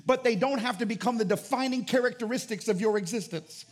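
High-voiced preacher with a forceful delivery. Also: male voice, fast talker, few pauses. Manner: emphatic, full of rhetorical questions; rising to shouted declarations. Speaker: pastor. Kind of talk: sermon.

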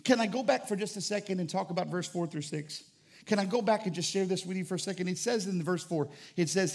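A male pastor preaching with a high voice and an emphatic, driving delivery. He fires rhetorical questions at the congregation and at times rises to shouted declarations. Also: lively intonation, fast talker, creaky. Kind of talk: sermon.

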